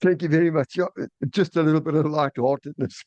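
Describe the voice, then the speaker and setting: A man's voice: a little high, steady tone, fairly quick, a little mellow, no echo, highs cut off. A man hosting an online meeting and presenting an agenda item, with frequent repeated words and restarts. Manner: repetitive, stammering restarts. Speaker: meeting host. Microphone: video call.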